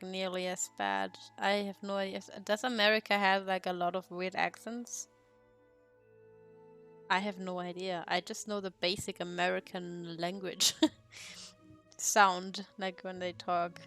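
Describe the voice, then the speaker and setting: A woman's voice: medium pitch, a bit bright. Young woman, giggly casual streamer. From Germany. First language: German. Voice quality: laughs often, swears freely, rambling. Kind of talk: casual chat while drawing.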